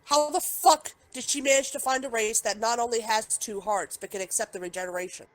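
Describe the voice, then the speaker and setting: A woman with a fairly high voice co-hosts a chatty review podcast. She talks heatedly and fires off objections one after another, swearing freely as she goes. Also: brisk, rough recording. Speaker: podcast co-host. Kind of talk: casual chat, episode review.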